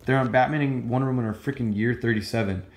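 A man's voice: mid-range voice, quick pace, roomy sound. A man casually reviewing a comic book, rambling and gushing with many fillers and restarts. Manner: excited, gushing.

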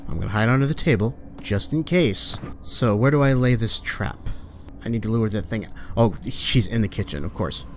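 A man playing a horror game and commenting as he goes. He swears at the characters and talks back at the game, then breaks into loud, panicked yelps. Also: lowish voice, lively intonation, moderate pace, slight background noise. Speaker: let's play gamer.

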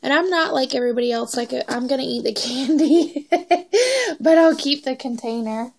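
A woman chatting excitedly as she unboxes crafting mail, filming on her phone at home, gushing over each item. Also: high voice, moderate pace, creaky, poor audio. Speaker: crafting vlogger. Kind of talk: casual unboxing chat.

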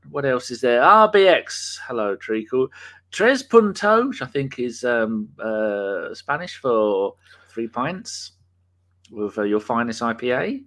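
A man hosts a casual live podcast and jokes with his viewers as he reads their names from the chat. He talks at an average pitch, loose and chatty, and swears now and then. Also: fairly bright tone. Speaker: podcast host.

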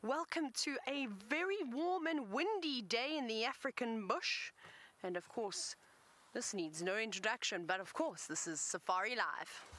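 A woman's voice: fairly high pitch, animated, a little slow, fairly bright tone. A woman presenting a live safari show outdoors, upbeat and welcoming. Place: outdoors in the bush on a windy day. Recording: outdoor broadcast with faint wind noise.

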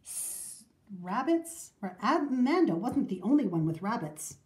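Storybook reader, woman, lively, higher-pitched, sing-song delivery. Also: unhurried, reverberant. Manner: expressive, sing-song reading. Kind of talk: children's storybook read-aloud.

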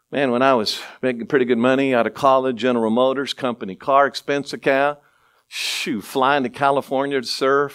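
A middle-aged male pastor delivers a sermon, his voice sitting a little high for a man. He tells stories with lively energy, acting out voices and laughing between lines. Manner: animated storytelling, acts out voices, laughs often.

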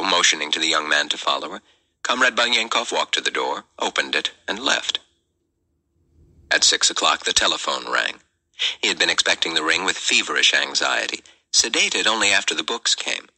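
A man narrates a novel chapter aloud in a very deep voice. His tone is bright and forward, and his intonation swings widely as he tells the story with measured care. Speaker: podcast host reading a novel.

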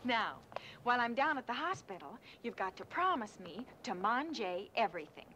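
An actress playing a kind young woman caring for two children. She talks gently and hesitantly, with fillers and halting French. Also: on the high side, sing-song, a little hiss or hum. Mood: tender. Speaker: film character caring for children. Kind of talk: film musical dialogue. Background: music.

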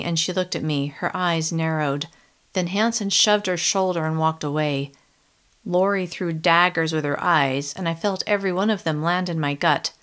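A woman reading a first-person young adult novel in a steady, measured audiobook narration. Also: lowish voice.

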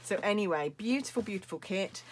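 A woman's voice: mid-range voice, lively intonation, brisk, slight background noise. A woman from the UK, a craft demonstrator, chatting casually and gushing about a card-making kit with many ums and restarts. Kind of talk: casual product show-and-tell.

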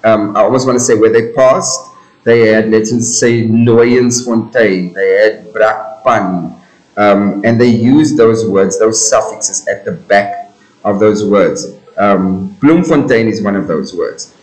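A man's voice: on the low side, a little mellow, poor audio. Man explaining a poem. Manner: slow, searching for words, rephrasing as he explains. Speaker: teacher.

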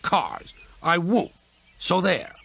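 A man's voice: sits high, sing-song, slow pace, vocal fry, pitched above the performer's own voice, full character voice. A man voicing a proud, grumpy young male steam engine that talks in a haughty, sulky way. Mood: stubborn.

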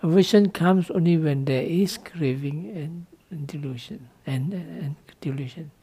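Here the monk's voice sits on the high side, warm and husky, moving at an ordinary pace. Speaking to his students in relaxed, non-native English, he keeps things light with small laughs and keeps asking "no?" to make sure they follow.

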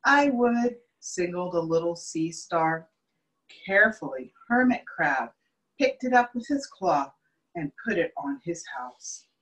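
A woman teacher reading a children's picture book aloud on a video call, with slow, clear storytelling and asides that point out the pictures. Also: fairly low pitch, lively intonation, a bit bright, rough recording. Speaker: children's educator.

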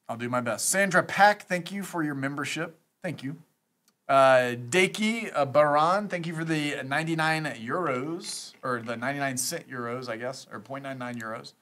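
A man's voice: a little high, normal speed, a bit bright. A man hosting a live stream, chatting casually and reading out thanks to supporters. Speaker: streamer scambaiting host.

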